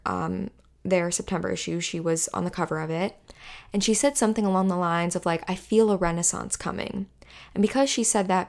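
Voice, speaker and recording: A young woman with a fairly low voice hosts her own podcast. She tells a story in casual monologue, excitable and gushing like an eager fan. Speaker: podcast host.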